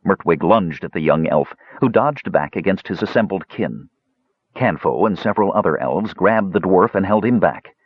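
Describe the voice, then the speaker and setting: A man reading a fantasy novel aloud as an audiobook narrator, with expressive storytelling. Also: sits low, moderate pace, slightly rough, no room sound, dull audio.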